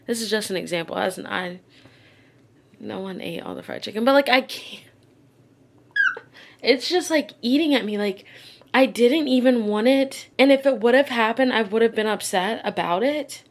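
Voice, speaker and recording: A woman's voice: on the high side, normal speed, slight background noise. A young woman vlogging casually, rambling in frustration with many fillers, close to tears and short of breath. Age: young adult. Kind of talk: casual vlog chat.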